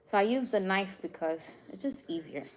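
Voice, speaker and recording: A woman's voice: medium pitch, lively intonation, a little hiss or hum. A young woman with a New York accent, chatting casually with live viewers as a cooking vlogger, laughing often. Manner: laughs often, chatty, drawn-out slow speech.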